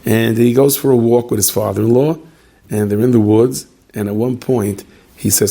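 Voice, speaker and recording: A man's voice: mid-range voice, fairly even intonation, moderate pace, creaky, warm tone. A man, a rabbi, telling a story in a sermon, chatty and full of joking asides, with Yiddish and Hebrew words mixed into his speech.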